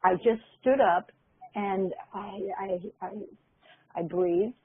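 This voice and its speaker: An older woman, a guest minister and spiritual teacher, telling a story in a gentle, reflective way with frequent pauses. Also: mid-range voice, breathy edge, no room sound. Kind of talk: conversational storytelling. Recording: phone-line audio.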